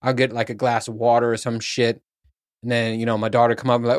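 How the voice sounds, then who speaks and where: A man's voice: mid-range voice, flat delivery, quick pace, no room sound, studio quality. A middle-aged man hosting his own podcast from his workplace on his lunch break, rambling and swearing as he mocks himself. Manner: rambling, profane, self-mocking. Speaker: podcast host. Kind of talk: casual solo podcast chat.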